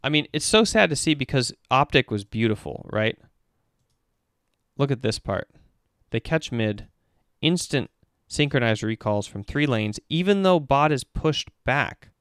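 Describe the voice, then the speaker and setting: An esports coach walks through a match replay on a stream, dissecting each play step by step with animated, analytical energy in casual commentary. His mid-range voice is smooth and resonant, and his pace is unhurried. The recording is dry and close-miked.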